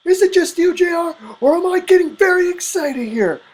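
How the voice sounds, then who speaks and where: A man hosting a fantasy football playoff show in a hammy mock wrestling-announcer style, swinging his voice from low to high. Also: expressive, moderate pace, hardly any pauses, darkish tone, low-quality recording. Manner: exaggerated, swings between low and high pitch.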